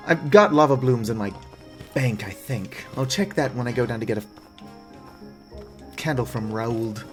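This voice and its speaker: A man's voice: mid-range voice, moderate pace, faint music behind. A man giving casual let's-play commentary with wry, self-mocking asides as he reads game text aloud. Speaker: gaming video creator.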